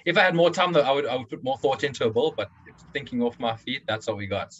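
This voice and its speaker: A young man being interviewed as a guest, talking in a relaxed, rambling way with lots of restarts. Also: medium pitch, fast, dull audio, slight background noise. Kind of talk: casual interview chat.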